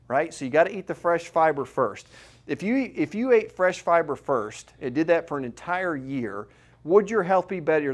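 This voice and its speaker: Man giving a chatty health talk. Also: on the high side. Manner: conversational, asks the audience questions. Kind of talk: live talk to an audience.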